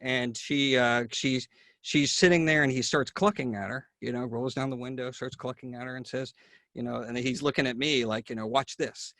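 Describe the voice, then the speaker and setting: A man's voice: mid-range voice, steady tone, normal speed, a bit bright, dry recording. A man hosting a conversation, telling a long story with many fillers and restarts. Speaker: neurologist host. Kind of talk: casual video-call conversation.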